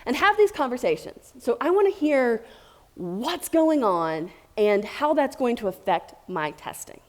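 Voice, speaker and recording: A woman's voice: fairly high pitch, a little mellow. A woman speaking at a tech conference as a tester and manager, chatty and playful with jokey asides. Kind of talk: conference talk. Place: conference room.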